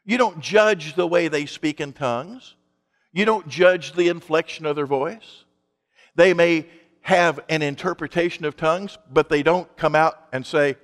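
A man's voice: a little high, measured pace, in a large hall. A male pastor preaching a sermon in an emphatic, conversational way, asking his congregation rhetorical questions.

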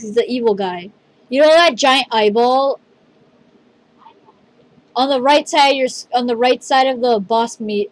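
A woman hosting a casual gameplay video, excitable and rambling, calling her teammate "dude" again and again. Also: fairly high pitch, low-quality recording.

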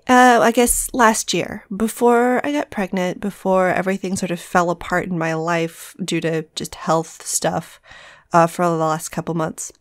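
A young woman recording a casual vlog voice-over in the early morning, her voice still groggy from sleep. She keeps it soft so she won't wake the rest of the house, and she rambles and corrects herself as she goes. The sound is dry and close, with almost no room echo. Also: medium pitch. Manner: speaks softly to avoid waking the household. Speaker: planner vlogger. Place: separate room at home.

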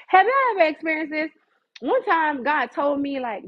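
A woman's voice: sits high, animated, moderate pace. A woman preaching fervently on a livestream, conversational and dramatic, mixing scripture with chat. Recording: dull lo-fi livestream audio.

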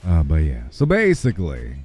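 A deep-voiced man with a slightly hoarse, raspy edge chats and jokes with his stream audience. His dark, mellow tone swings widely in pitch as he rambles, with faint music underneath. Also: huge pitch swings, normal speed. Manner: rambling, joking, talks to chat. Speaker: livestreamer. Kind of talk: casual livestream chatter.

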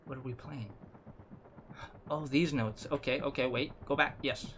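A man commentating a horror game as he plays, jumpy and swearing, shouting when scared. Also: medium pitch, fairly even intonation, moderate pace, a little hiss or hum. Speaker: gaming video creator.

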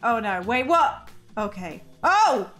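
A woman's voice: on the high side, lively intonation, normal speed, fairly bright tone, faint music behind. A woman YouTuber giving bubbly, exclamatory reaction commentary on gacha videos.

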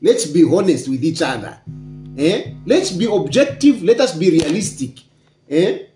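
Zambian male commentator, high animated delivery, repeats his points, echoey room. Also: a little slow, soft background music. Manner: repetitive, emphatic, asks rhetorical questions. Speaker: political commentator. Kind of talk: casual political commentary.

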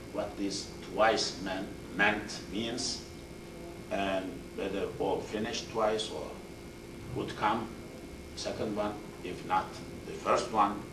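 A man with teaching a Quran class, explaining Arabic words one at a time and rattling off verb forms. He sounds far from the microphone in an echoey room. A faint hiss runs under his voice. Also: on the low side. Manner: explains word by word, repeats terms, recites Arabic verb forms quickly. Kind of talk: classroom tafsir lecture. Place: mosque classroom. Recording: roomy echo, distant mic, faint hiss.

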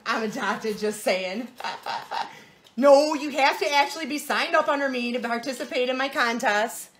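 A woman's voice: high-pitched, normal speed, a bit bright. A woman hosting a casual live jewelry sales show, bubbly and playful, gushing over each piece.

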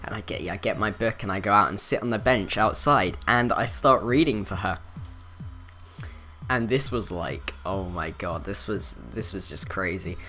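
A man with a low voice tells a school story in a loose, rambling way. He stops and restarts often, and faint music plays under him. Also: moderate pace, bright, forceful tone. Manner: rambling, filler-heavy, self-interrupting. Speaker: vlogger. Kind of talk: casual storytelling.

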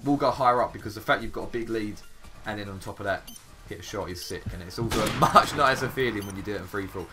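A young man with an English accent giving casual, chatty commentary over game clips, swearing freely and handing out quick praise. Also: lowish voice. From England. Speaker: gaming YouTuber. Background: background music.

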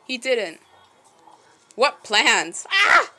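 A woman streaming a game, chatting to the animals in it like pets and breaking into lively exclamations. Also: on the high side, drawn-out words, soft background music, rough recording. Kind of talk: casual game commentary.

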